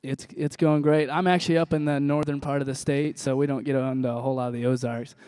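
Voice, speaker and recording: A young man from Missouri, an auctioneer contestant, giving relaxed, friendly interview answers. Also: mid-range voice, quick pace, clear, resonant tone, no echo. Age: young adult.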